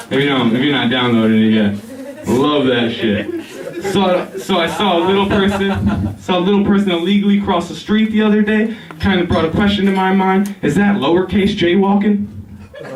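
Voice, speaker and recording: Laid-back young male stand-up comic. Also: a little high. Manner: laid-back, rambling, giggles at his own jokes. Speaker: stand-up comedian. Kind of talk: stand-up routine. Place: barber shop. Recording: echoey room, mic at a distance.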